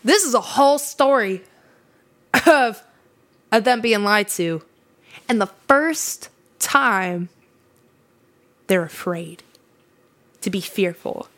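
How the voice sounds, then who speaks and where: Woman doing a faith podcast, talks earnest and emphatic, lots of restarts, mid-pitched voice. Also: expressive, slow, long pauses. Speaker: podcast host. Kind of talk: casual faith talk.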